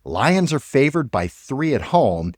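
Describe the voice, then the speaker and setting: A man's voice: medium pitch, a little slow, no echo. Hyped-up man talking fantasy football. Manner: hyped, animated, sarcastic asides. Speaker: podcast co-host. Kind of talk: energetic sports talk.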